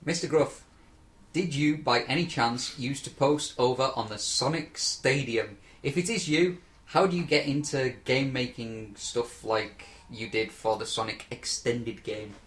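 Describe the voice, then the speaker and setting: A man's voice: mid-range voice, measured pace, fairly bright tone. A man hosting a podcast in casual group chat, reading out questions and rambling with many hesitations.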